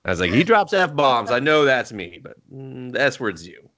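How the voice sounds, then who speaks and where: A man's voice: medium pitch, big pitch swings, normal speed, fairly bright tone, slight background noise. A man in his thirties co-hosting a podcast, telling family stories in casual chat, laughing often and swearing freely. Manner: laughing storyteller, swears freely, quotes people. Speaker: podcast co-host.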